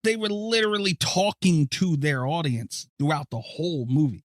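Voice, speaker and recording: Excitable man chatting on a podcast. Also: on the high side, normal speed, no room sound, studio quality. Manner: animated, swears freely. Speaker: podcast co-host. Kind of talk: casual chat.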